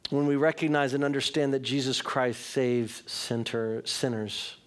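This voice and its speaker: The middle-aged preacher speaks at a measured pace in a mid-range voice with fairly even intonation. His sermon is earnest and aimed straight at his listeners, sometimes rising to emphasis.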